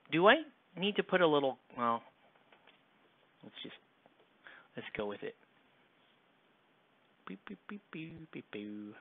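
A man's voice: fairly high pitch, vocal fry. An American man chatting casually with viewers while painting a miniature on a live stream, rambling and joking as he works. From United States. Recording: tinny, lo-fi, close dry mic.

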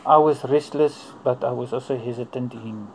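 A man telling a personal faith testimony in an earnest, unhurried way, in short broken phrases. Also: mid-range voice, fairly even intonation, a little hiss or hum, poor audio. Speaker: churchgoer giving testimony.

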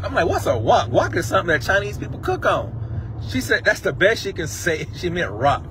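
A man's voice: a little high, sing-song, normal speed, fairly bright tone. Preacher guy, emotional, swoops all over, bit of street noise. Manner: impassioned, emotional preaching with singing and repetition. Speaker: pastor. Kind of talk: sermon. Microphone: livestream phone mic.

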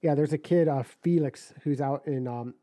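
Man, podcast co-host, halting deadpan chat, very dark mellow voice, dry sound. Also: a little high, dry recording. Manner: halting, deadpan, with many restarts. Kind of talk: casual chat.

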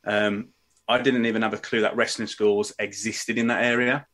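Chatty man, lowish voice. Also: little pitch movement, moderate pace, a bit bright. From England. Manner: chatty storyteller, says "mate". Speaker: professional wrestler, guest. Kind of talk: casual podcast interview.

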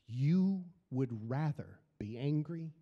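A man's voice: on the high side, expressive, slow, long reverb tail, lo-fi sound. A middle-aged man preaching a sermon as pastor, building emphasis through repeated phrases. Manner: preaching with rising emphasis and repetition.

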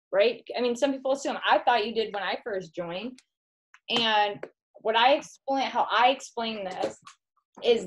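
A woman's voice: a little high, poor audio. A woman with a Midwestern American accent, a direct sales consultant chatting casually while showing products at home and calling the listener "girl". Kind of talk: casual home video demo.

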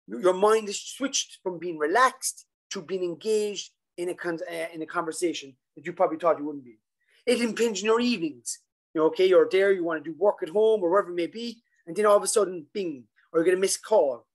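A man presenting a coaching webinar over a video call, animated and acting out a worried coach's thoughts. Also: sits high, poor audio. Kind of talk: casual webinar talk.

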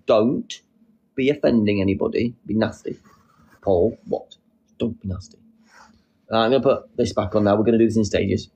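A young man hosting a casual live stream, reading out comments with a playful, silly manner and sudden squeaky jokes. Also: normal speed, creaky, pauses often, dark tone. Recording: faint background noise.

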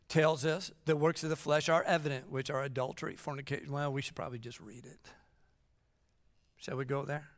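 A middle-aged man preaching a sermon as pastor, joking and acting out whiny kids between Bible readings. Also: on the high side. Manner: jokey, animated, acts out kids whining. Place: church sanctuary. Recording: long church hall reverb.

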